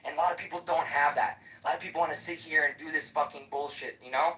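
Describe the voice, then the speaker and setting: A man rants in a heated live debate, swearing freely and combative throughout. His delivery is quick and his tone bright and sharp. He sounds distant and echoey, as on a livestream. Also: on the high side, steady tone. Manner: profane, combative ranting. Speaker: debater in a live app chat room.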